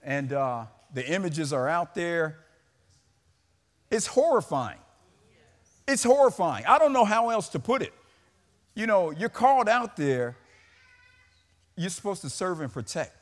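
A man's voice: sits high, big pitch swings, measured pace, long pauses. A man preaching a sermon as pastor to his church, fervent and rhythmic, urging the congregation to answer back. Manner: preaching with rising fervor and call-and-response. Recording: church hall reverb.

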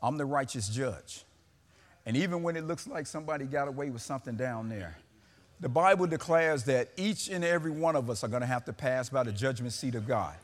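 A man's voice: mid-range voice, quick pace. A man preaching a sermon as pastor to his church, fervent and rhythmic, urging the congregation to answer back. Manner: preaching with rising fervor and call-and-response. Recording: church hall reverb.

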